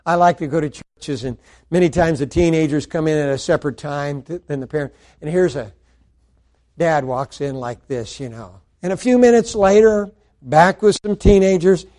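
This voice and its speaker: A middle-aged man preaching a sermon, swinging between loud emphatic lines and hushed asides. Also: a little high.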